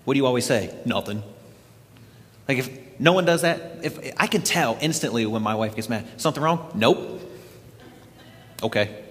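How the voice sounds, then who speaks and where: A man preaching a sermon, retelling a scripture story in an animated storytelling way. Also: medium pitch, a little fast, few pauses, in a large hall. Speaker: pastor.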